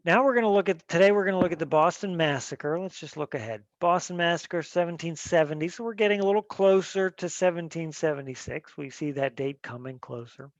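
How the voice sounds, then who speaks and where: A man teaching a class in a relaxed, rambling way, often restarting his sentences and checking in with the students. His voice sits a little high for a man. The recording is dry and somewhat muffled, like a basic classroom mic. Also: brisk, hardly any pauses, dry recording. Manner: conversational, many fillers and restarts, asks students questions. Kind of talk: classroom lecture.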